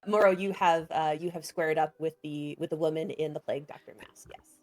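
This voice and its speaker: Woman game master with a lowish voice. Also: steady tone, brisk, a little mellow. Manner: descriptive, scene-setting. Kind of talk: narrating a tabletop game.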